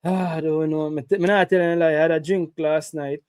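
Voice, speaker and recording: A man's voice: on the high side, brisk, smooth. A man with a Jamaican accent in casual football chat, often laughing and repeating what others said. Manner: laughing, repeats lines, excitable.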